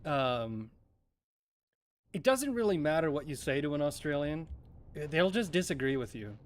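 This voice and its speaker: A man's voice: fairly high pitch, big pitch swings, a little slow. A man from New Zealand streaming a game, chatting casually in a rambling, joking and profane way. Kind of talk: casual chat while gaming.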